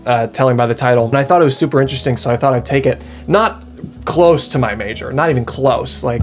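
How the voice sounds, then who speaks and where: A man's voice: mid-range voice, fast talker, soft background music. A young man, a college student, chatting casually to camera in a rambling, self-mocking way that is full of restarts. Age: young adult. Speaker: vlogger.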